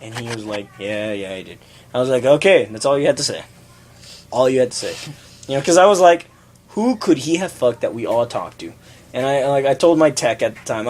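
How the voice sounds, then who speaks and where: A young man co-hosting a casual, crude chat show, animated and laughing, jumping between topics. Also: mid-range voice, fast. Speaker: podcast co-host.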